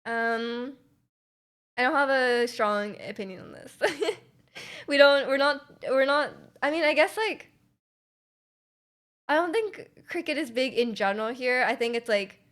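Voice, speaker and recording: A woman's voice: fairly high pitch, a little slow, long pauses. Rambling young woman streamer. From Canada. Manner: rambling, many likes and restarts, laughing often. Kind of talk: casual chat with live chat.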